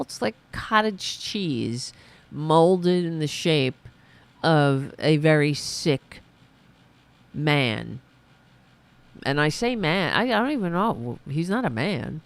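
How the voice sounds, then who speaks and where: A woman hosting a political podcast, ranting with sarcasm and outrage, dropping to mutters and rising to shouts. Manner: broad pitch swings from muttering to shouting. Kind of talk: ranting commentary.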